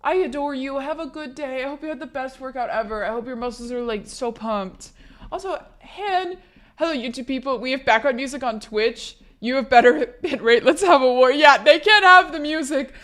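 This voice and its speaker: Young woman streamer, hoarse, chatty and swearing, a little high. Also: moderate pace, fairly bright tone. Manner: chatty, profane, laughing, reading chat aloud. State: hoarse from being sick. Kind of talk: casual live-stream chat.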